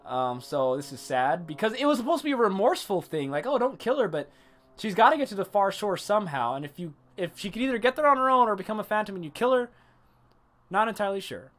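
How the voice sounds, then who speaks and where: A man casually reviewing an anime episode on a livestream, animated and profane, stopping to greet and answer chat. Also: high voice, fast talker, soft background music.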